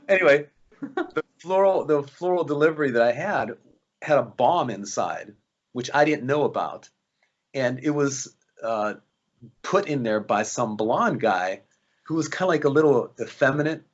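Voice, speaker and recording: A man's voice: medium pitch, normal speed, muffled recording. A man, an actor guest, telling anecdotes in a casual interview and acting out the voices of people he quotes. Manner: animated, acts out quoted voices.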